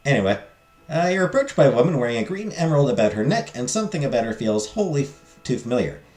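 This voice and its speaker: A man streaming a story game, reading its narration and chatting in an animated, rambling, self-deprecating way. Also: mid-range voice, fast talker, echoey room. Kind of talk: casual game commentary and narration.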